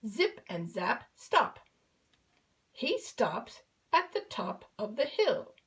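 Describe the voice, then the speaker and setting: Brief: female teacher, slightly high voice, unhurried, patient children's lesson tone. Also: very animated, fairly bright tone, low-quality recording. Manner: patient, repeats each verb form in drills. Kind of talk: slow classroom explanation.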